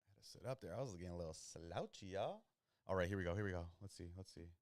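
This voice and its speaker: A man's voice: low voice, lively intonation, fast talker, no echo, studio quality. A young man hosting, giving loose, slangy commentary while he watches football and reacts to plays. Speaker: podcast host watching football. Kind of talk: casual live-watch commentary.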